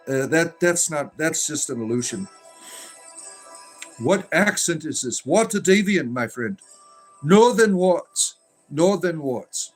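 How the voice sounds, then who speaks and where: A man casually livestreaming, reading viewer comments aloud and rambling, with many fillers, restarts and dry, dismissive asides. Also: medium pitch. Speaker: livestreamer and spiritual entertainer.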